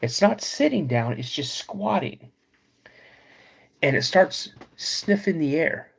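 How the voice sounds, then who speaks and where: Slow, husky man telling a spooky story. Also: on the high side, big pitch swings. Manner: slow, suspenseful retelling with dramatic pauses. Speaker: podcast host. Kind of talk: live podcast storytelling.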